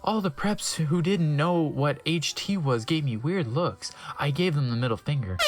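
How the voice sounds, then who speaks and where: A reader giving a comic dramatic reading of fan fiction, dropping into deadpan asides. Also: medium pitch, moderate pace, hardly any pauses.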